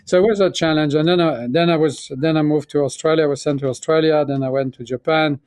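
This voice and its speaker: A man in his sixties with a French accent tells his story in a reflective, halting way, stopping and restarting his sentences. His voice sits a little high for a man. The sound is close and dry, with no room around it. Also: fairly even intonation, darkish tone, dry recording. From France. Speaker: guest, pharmaceutical chief executive. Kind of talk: conversational interview.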